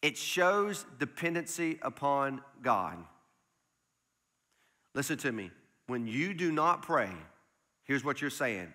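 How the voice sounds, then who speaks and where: A man's voice: medium pitch, big pitch swings, takes it slowly, long pauses, sharp tone, big-room sound. A man preaching a sermon as pastor in a church, talking in a plain conversational way and often repeating words as he pushes a point. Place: church sanctuary.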